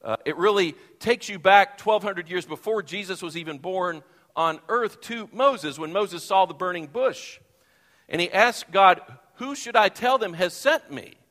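A man preaching a sermon from the pulpit, expressive, acting out the Bible quotes he tells. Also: sits high, a little slow. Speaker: pastor. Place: church sanctuary. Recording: long reverb of a church hall.

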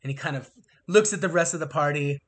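A man's voice: on the high side, fast talker. A man in his thirties narrating a tabletop game as game master, telling it in a loose, filler-heavy way. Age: 30s. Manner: lively, filler-heavy storytelling.

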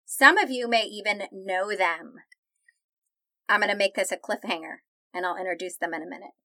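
A woman's voice: medium pitch, moderate pace, sharp tone, no room sound. A woman hosting a podcast interview, speaking with an enthusiastic, smiling delivery. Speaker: podcast host.

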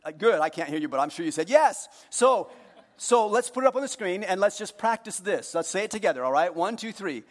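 A man preaching a sermon to his congregation, joking with them and moving between hushed earnest moments and loud, playful ones. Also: sits high, animated, a little fast, long reverb tail. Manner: jokey, talks directly to the congregation. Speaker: pastor. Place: church hall.

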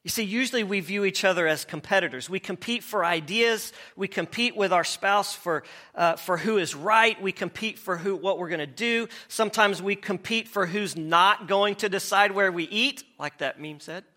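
Bright, high-voiced man preaching. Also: moderate pace. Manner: conversational, asks the congregation questions, repeats words as he goes. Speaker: pastor. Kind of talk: sermon.

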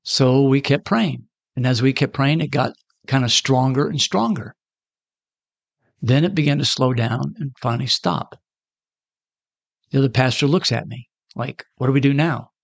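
A man's voice: medium pitch, normal speed, gravelly, no echo. A man preaching, telling a story in a conversational way and acting out the voices of the people in it. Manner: conversational, acts out quoted voices. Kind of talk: sermon storytelling.

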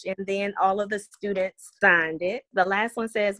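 A woman's voice: mid-range voice, normal speed, few pauses, sharp tone, dry recording. A woman in her thirties, a special education teacher, speaking earnestly and reflectively as an interview guest. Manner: earnest, reflective, reads letters aloud. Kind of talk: heartfelt interview talk.

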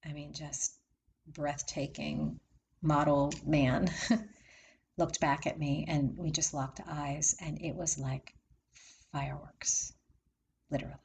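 A middle-aged woman from the Maryland area speaks in a low, steady, somewhat dark voice, slowly and with frequent pauses, over slight background noise. She shares a heartfelt personal story in a chatty manner, laughing often between lines.

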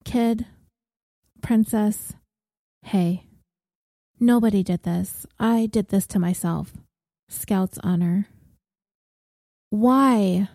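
A woman reading as a troubled, self-mocking woman in a storybook reading, gruff and wry in a low, mellow tone. The pace is slow and unhurried, and the sound is dry and close. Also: no echo. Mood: pleading. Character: troubled blunt woman, prone to self-harm.

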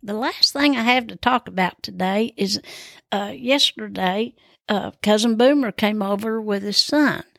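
Chatty woman with a gravelly voice. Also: mid-range voice, unhurried, a bit bright, dry recording, studio quality. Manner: chatty, meandering, self-deprecating, laughs at herself. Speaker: podcast host. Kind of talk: rambling personal storytelling.

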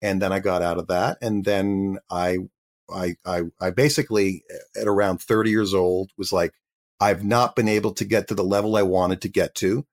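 Low-voiced man telling stories. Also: fairly even intonation, normal speed. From Canada. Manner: chatty, self-interrupting, many restarts. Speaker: guest actor. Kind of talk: casual interview storytelling.

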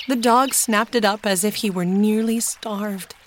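A woman reading a children's storybook aloud in a steady, gentle way. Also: medium pitch, measured pace, a little hiss or hum. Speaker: narrator.

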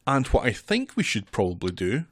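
Male podcast co-host, mid-range voice, deadpan teasing, dry booth sound. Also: medium pitch, fairly quick, no room sound. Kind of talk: casual podcast chat.

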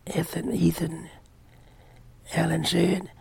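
Gravelly man preaching in hushed tones. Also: fairly high pitch. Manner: dramatic, slow, often dropping to a hushed whisper. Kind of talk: sermon storytelling.

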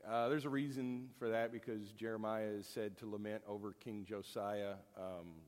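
Folksy Bible teacher in a reverberant hall. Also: male voice, lowish voice, fairly even intonation, normal speed, darkish tone. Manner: folksy, conversational, jokey. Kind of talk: informal Bible lesson.

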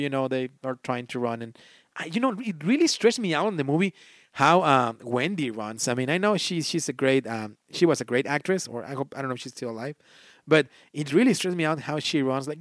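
A man with a non-native English accent hosts a board game podcast in a relaxed, chatty way. His voice sits at an ordinary middle pitch, and the recording is dry and close with almost no room sound. He reads game text aloud and breaks off now and then to restart a phrase. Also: fairly quick, no echo. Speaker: podcast host. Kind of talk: casual board game review.

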